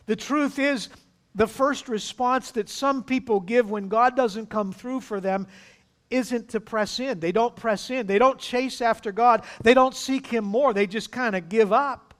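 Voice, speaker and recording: High-voiced man preaching a sermon. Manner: emphatic, acts out pleading voices. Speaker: pastor.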